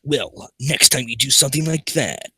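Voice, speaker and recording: A man's voice: mid-range voice, expressive, normal speed, bright, forceful tone, husky, no room sound. A man voicing an irritable young night guard, exasperated and grumbling. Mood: annoyed.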